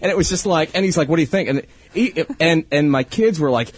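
A man's voice: a little high, quick pace, slightly rough. A man in his forties from Long Island, co-hosting a casual chat show, joking, teasing and laughing often. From Long Island, New York. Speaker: podcast co-host. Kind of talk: casual banter.

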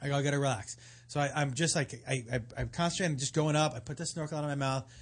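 A man telling a story in casual chat, animated and profane, acting out what others said. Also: mid-range voice, quick pace. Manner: animated, profane, acts out quotes.

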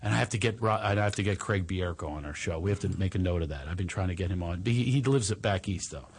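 Animated, laughing male podcast host. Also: sits low, fast talker, breathy edge. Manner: animated storyteller, laughs often. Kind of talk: casual chat.

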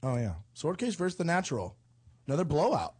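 A man's voice: a little high, very animated, quick pace, a little mellow, slight background noise. A man co-hosting a podcast in easygoing casual chat, reading out poll results with many fillers. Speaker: podcast co-host.

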